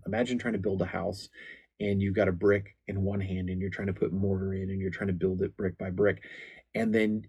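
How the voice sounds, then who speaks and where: Deep gravelly man, earnest. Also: a little mellow. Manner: earnest, candid storytelling with many restarts. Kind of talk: faith-based marriage talk.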